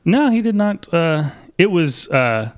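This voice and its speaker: A man's voice: on the high side, big pitch swings, takes it slowly. A man co-hosting a podcast, chatting casually and joking with lots of fillers. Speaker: podcast co-host. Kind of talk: casual chat.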